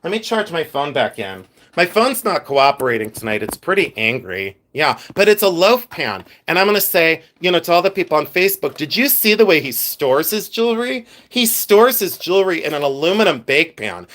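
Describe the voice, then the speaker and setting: Male livestream host, Pennsylvania Dutch accent, higher-pitched voice, rambling chat that reads out viewer comments. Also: sing-song, a little fast, few pauses, fairly bright tone.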